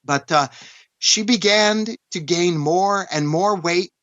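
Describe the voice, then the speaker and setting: A man from Canada, recounting a personal story as an interview guest in an earnest, halting way, often restarting and saying "you know". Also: high voice, a bit bright, no echo. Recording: dull, dry lo-fi recording.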